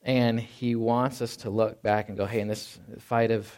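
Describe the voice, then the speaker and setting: A middle-aged Texan pastor preaches conversationally at a moderate pace with a flat delivery. He often asks "right?" and acts out quoted lines in a low, quiet voice.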